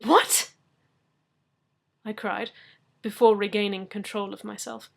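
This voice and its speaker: A woman reading a story aloud in a measured, soft-spoken narration. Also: medium pitch, little pitch movement, gravelly. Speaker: story reader. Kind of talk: audiobook-style story narration.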